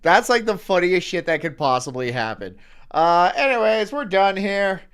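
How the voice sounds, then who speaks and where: A man's voice: sits high, lively intonation, normal speed, a bit bright, smooth. A man co-hosting a stream, chatting casually with sarcastic, dismissive remarks. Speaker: stream co-host. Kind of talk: casual chat.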